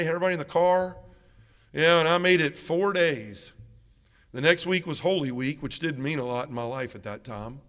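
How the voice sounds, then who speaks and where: A middle-aged man tells his personal testimony to a parish gathering, earnest and acting out each person in the story. His voice sits a little high for a man. A long church reverb hangs behind him. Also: a bit bright, smooth. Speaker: parish mission speaker. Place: large church.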